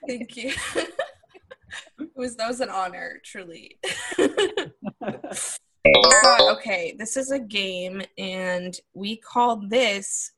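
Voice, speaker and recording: A woman's voice: medium pitch, takes it slowly, pauses often, loud music behind the voice. A woman hosting a podcast, giggly and laughing often. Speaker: podcast host. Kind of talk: casual podcast conversation.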